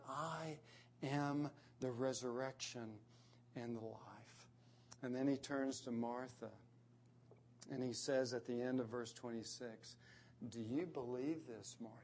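A man preaching a sermon, explaining scripture verse by verse with slow, emphatic delivery. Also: mid-range voice. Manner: slow, emphatic expository preaching with swells in volume.

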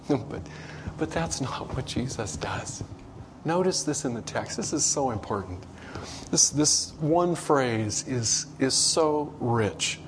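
A man preaching a sermon to a congregation in a conversational way, acting out quoted voices with big swings in pitch. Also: lively intonation, unhurried, a little hiss or hum. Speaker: pastor.

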